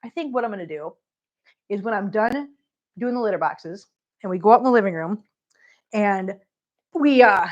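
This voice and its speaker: A woman hosting a cat channel livestream, chatting casually and tenderly to her cats while she scoops litter boxes. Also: medium pitch. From Missouri. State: tearful. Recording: dull lo-fi audio.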